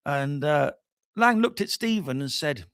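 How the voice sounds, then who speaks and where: Higher-voiced man telling stories on a livestream. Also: measured pace, no room sound, studio quality. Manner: animated storyteller, trails off and restarts. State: jet lagged. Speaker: livestream host. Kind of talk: casual storytelling chat.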